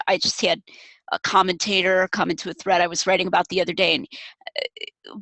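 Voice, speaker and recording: A woman's voice: mid-range voice, bright, forceful tone, dry recording, low-quality recording. A woman guest author in a webinar discussion, explaining her points carefully over a video call.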